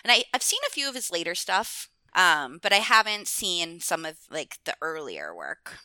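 A woman's voice: fairly low pitch, sing-song, moderate pace, pushed and bright, smooth, no echo. A woman chatting casually as a podcast guest. She rambles, fills her talk with "like," and laughs often. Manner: rambling, many "like"s, frequent laughs. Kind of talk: casual chat.

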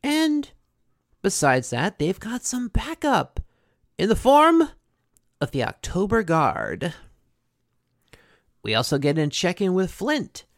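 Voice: mid-range voice, very animated, slow, pauses often, no room sound, studio quality. A host casually recapping a cartoon episode, chatty, with many fillers and asides.

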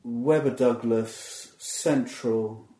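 A man's voice: mid-range voice, fairly even intonation, drawn-out words, dark tone. A man, chatting as a comedian guest in a loose, self-deprecating way, often restarting his sentences. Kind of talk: casual interview chat. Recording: roomy echo.

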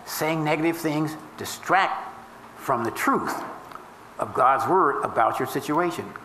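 A man preaching a sermon as minister, teaching step by step and leaning hard on key phrases with slow, drawn-out emphasis. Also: a little high, lively intonation, bright, forceful tone, roomy sound, a little hiss or hum, low-quality recording. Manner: teaching, explains step by step with formulas and scripture. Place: church before a congregation.

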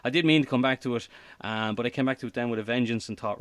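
A man in his thirties, a podcaster talking as an interview guest, animated, with lots of fillers and restarts. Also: mid-range voice, rapid-fire, clear, resonant tone, dry recording. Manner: animated, repeats words, frequent fillers and restarts. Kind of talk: casual interview chat.

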